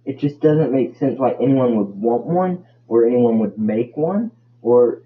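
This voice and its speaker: A man's voice: mid-range voice, lively intonation, moderate pace, hardly any pauses, muffled recording, a little hiss or hum. A man hosting a casual solo podcast, rambling and tripping over his words. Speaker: podcast host.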